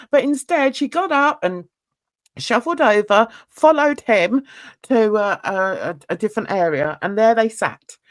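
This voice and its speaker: A woman's voice: on the high side, lively intonation, measured pace. A woman reviewing a reality TV show in casual commentary. She sounds gossipy and blunt, laughs often, and uses cheeky slang.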